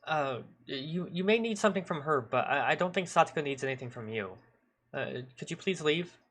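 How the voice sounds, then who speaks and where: A blunt teenage schoolboy, tense and halting, whose bright voice stumbles over its words as a man reads him out. He pushes back in short, stammering bursts in a game read aloud. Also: a little high, expressive, pitched above the performer's own voice. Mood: defiant. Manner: hesitant halting speech.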